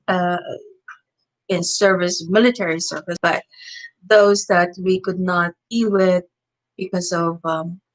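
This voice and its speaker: A woman's voice: lowish voice, rough recording. Hesitant woman making church announcements. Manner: hesitant, with many fillers. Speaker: church art class host. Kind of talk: casual announcements.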